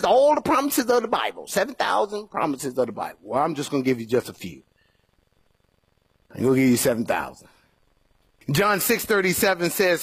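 A man delivers a sermon in a husky, somewhat high voice that swoops widely in pitch. He mimics pleading listeners with sudden squeaky jumps. The sound is close and dry. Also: dry recording. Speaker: preacher. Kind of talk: evening sermon.

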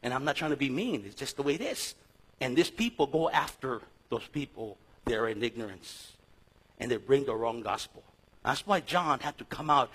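A middle-aged man teaching a Bible class in a lively sermon style, telling stories and acting out conversations. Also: fairly high pitch, moderate pace, husky. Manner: animated storytelling, acts out conversations, frequent restarts.

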